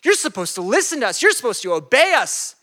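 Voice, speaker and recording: A frantic mother scolds her runaway twelve-year-old son, pleading and exasperated, as a preacher puts her on. The voice sits high and bright and comes out loud. Her words pour out in a rush of worry. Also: huge pitch swings, normal speed, exaggerated voice.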